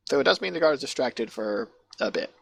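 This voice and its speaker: A man's voice: medium pitch, expressive, brisk, creaky, a bit bright, husky, dry recording. A man narrating as game master over voice chat, in a loose, chatty way with many fillers. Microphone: online voice chat mic.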